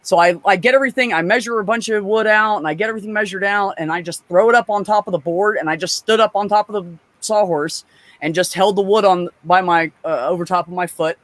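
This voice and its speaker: A woman telling profane, animated stories in a casual chat as a guest. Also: mid-range voice, fast.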